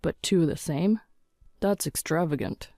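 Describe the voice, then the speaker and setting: A woman's voice: low voice, animated, moderate pace, mellow, no echo, studio quality. A woman voicing a cold, dismissive husband who wants a son, with a curt and scornful delivery in a storybook narration. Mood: contemptuous.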